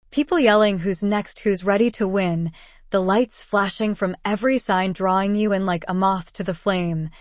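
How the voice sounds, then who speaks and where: A woman's voice: medium pitch, no echo. A woman casually narrating a first-person story in an unpolished reading style.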